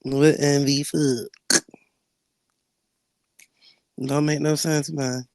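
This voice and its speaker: A man chatting on a live online panel from home, brash and animated, laughing often and swearing freely. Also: fairly high pitch, very slow, no room sound. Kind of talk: casual trash-talking chat.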